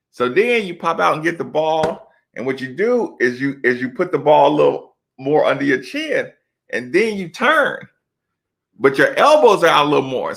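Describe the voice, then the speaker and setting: A man's voice: on the high side, gravelly, a bit bright. A middle-aged man, a former college basketball player, telling loose, slangy stories in casual chat with lots of asides.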